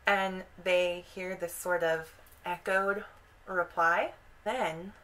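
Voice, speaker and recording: A woman's voice: fairly low pitch, fairly even intonation, slow pace, pauses often, a bit bright, rough recording. A young woman hosting a casual vlog, animatedly retelling a story and slipping into the characters' voices. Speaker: video host.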